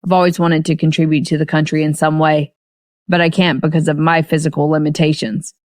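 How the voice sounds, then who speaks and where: A woman's voice: deep voice, little pitch movement, fairly quick, a little mellow, no echo, clean studio sound, lightly acted. A woman voicing a young father who lectures his son sternly. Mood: earnest. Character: young man, bossy husband and father.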